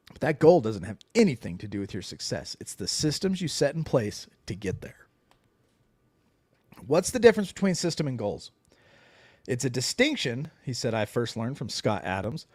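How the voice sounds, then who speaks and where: A man co-hosting a casual book podcast, his pitch bouncing around as he reads passages and comments on them. He sounds animated and conversational. The recording is close and dry, with no room sound. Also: no echo. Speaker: podcast co-host.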